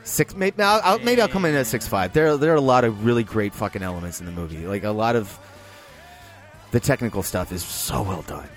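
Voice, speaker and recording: A man co-hosting a film podcast, giving a blunt, heavily profane review in casual chat, his voice jumping high when he gets worked up. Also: lively intonation, fairly quick, soft background music.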